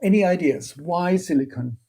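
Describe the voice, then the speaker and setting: A man's voice: high voice, normal speed, dark tone, slight background noise. A man giving a live-streamed biochemistry lecture, talking hesitantly with many fillers and playful asides while he answers questions from the chat.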